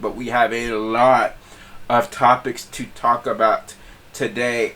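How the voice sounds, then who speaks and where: Male podcast host, casual and animated, bright voice. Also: medium pitch. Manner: animated, laughs often, repeats words.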